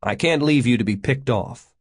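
A man's voice: medium pitch, normal speed, breathy edge, lightly acted. A man reading an audiobook, voicing an earnest, resolute lead character. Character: determined man, leader of a prank.

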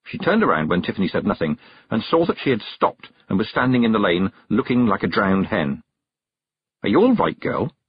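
A man narrating a storybook in a measured, expressive reading voice. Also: fairly low pitch, husky, dry recording, highs cut off. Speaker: audiobook narrator.

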